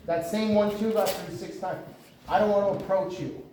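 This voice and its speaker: A man's voice: high-pitched, fairly even intonation, normal speed, warm tone, slight background noise. A man from Canada, a boxing coach giving his fighters a blunt talk about speaking up, in a gym. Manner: blunt, lecturing. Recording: echoey gym from far off.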